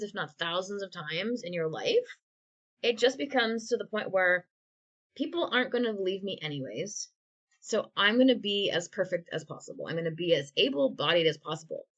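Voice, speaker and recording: A woman's voice: medium pitch, fairly bright tone. Woman on a podcast call, earnest and reflective, dry sarcastic edge, mid-range voice. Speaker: podcast co-host. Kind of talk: candid conversational podcast talk. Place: home, video call.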